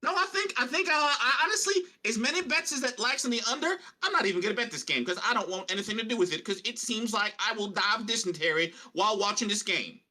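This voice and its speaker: A folksy old prospector, high and sharp-edged, drawling his words with a lively, swooping lilt, as a man puts him on. The voice rides well above a man's natural register. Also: quick pace, few pauses, heavily acted. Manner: drawling, cartoonish old-timer put-on. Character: grizzled old male gold prospector, folksy. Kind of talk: podcast bit, comic character voice.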